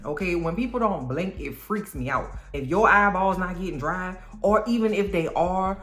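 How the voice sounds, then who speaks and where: Sassy low-voiced woman recapping TV. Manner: animated, sassy, slangy. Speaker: TV recap vlogger. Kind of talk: casual recap commentary. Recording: roomy room with faint music.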